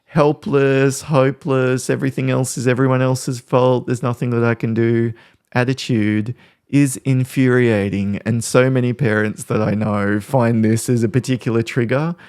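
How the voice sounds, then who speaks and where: Podcast host guy, lowish gravelly voice, calm and explaining things, dry close mic. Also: normal speed, dry recording. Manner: calm, explanatory, talks through examples. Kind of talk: podcast talk on parenting conflict.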